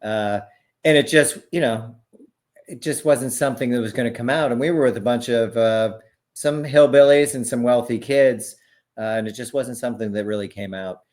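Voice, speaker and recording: A man's voice: medium pitch, normal speed, a little mellow. A man in his forties, a podcast co-host, speaking in a laid-back, hesitant way in casual chat. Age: 40s.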